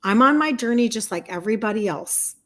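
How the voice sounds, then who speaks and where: A woman's voice: a little high, expressive, fairly quick, fairly bright tone. A woman in her fifties, a health and wellness coach, chatting heartfelt and open on a livestream and reading viewer comments. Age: 50s.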